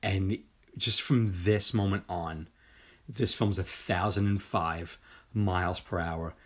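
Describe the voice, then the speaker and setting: A man in his forties retelling a horror film in a casual chat, excited and profane, acting out the scenes. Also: sits low, slow, slightly rough. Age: 40s. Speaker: podcast co-host. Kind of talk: casual movie review chat.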